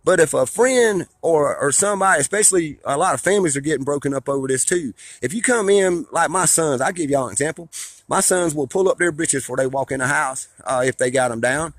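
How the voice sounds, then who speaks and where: A man's voice: fairly high pitch, a little fast, no echo. A middle-aged man lectures his viewers in a blunt, preachy rant, often restarting and repeating phrases. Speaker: father and online commentator. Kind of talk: ranting monologue to viewers.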